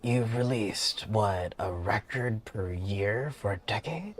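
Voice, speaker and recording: A man voicing a soft-spoken barista. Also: lowish voice, slow. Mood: gentle. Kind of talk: game character voice-over.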